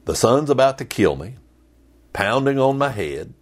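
A man putting on an indignant, complaining prophet, his voice climbing high in a whiny, exasperated way and swinging widely in pitch. He sounds fed up and sorry for himself, like a storybook retelling told from a pulpit. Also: very animated, measured pace.

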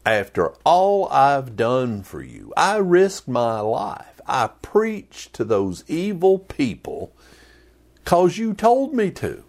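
A man putting on an indignant, complaining prophet, his voice climbing high in a whiny, exasperated way and swinging widely in pitch. He sounds fed up and sorry for himself, like a storybook retelling told from a pulpit. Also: wildly swooping pitch, slow, a little mellow, heavily acted.

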